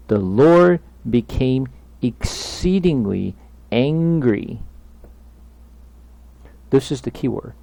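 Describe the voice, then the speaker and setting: A man's voice: medium pitch, creaky, mellow, dry recording. A man leading a Bible study, speaking emphatically and asking his listeners questions.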